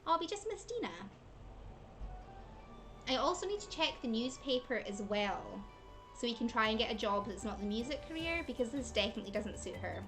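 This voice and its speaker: A woman's voice: on the high side, lively intonation, fairly quick, over music. A woman giving casual commentary while playing a life-simulation game, chatting to her characters and laughing often. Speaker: gaming channel host.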